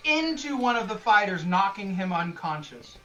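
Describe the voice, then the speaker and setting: A man's voice: high voice, very animated, normal speed, lo-fi sound, a crowd in the background. A man narrating a tabletop game as game master, casual and laughing.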